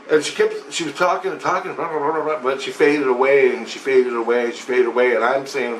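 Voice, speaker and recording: A man rambles through a personal story in an animated, repetitive way, his voice at an everyday middle pitch. The room around him is roomy and echoey, with a faint ambient hum. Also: a little fast, hardly any pauses. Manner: rambling, animated, repeats himself. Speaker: vlogger. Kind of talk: casual spoken account.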